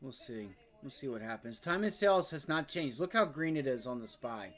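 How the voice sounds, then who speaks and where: A man's voice: medium pitch, lively intonation, moderate pace, fairly bright tone. Frustrated man streaming his trades. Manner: frustrated, swearing, muttering to himself. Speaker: day trading livestream host. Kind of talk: live trading stream commentary.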